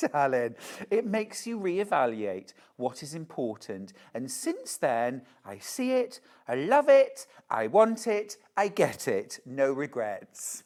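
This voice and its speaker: Chatty woman shopping-TV host, low and slow, very lively intonation. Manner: gushing, chatty, reads out viewer messages. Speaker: shopping channel presenter. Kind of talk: live TV sales presentation.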